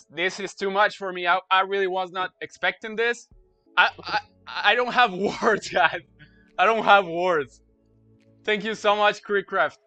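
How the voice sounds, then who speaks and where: Bright high-voiced excitable male streamer. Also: measured pace, clean tone, dry recording, faint music behind. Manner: excitable, repeats himself, gushing thanks. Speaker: Roblox streamer. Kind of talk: excited live-stream chat.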